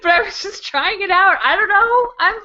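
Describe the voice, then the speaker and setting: High, bright, giggly woman on a call. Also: moderate pace. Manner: giggly, lively. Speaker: book club co-host. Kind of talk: casual video-call chat. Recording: dull lo-fi webcam call audio.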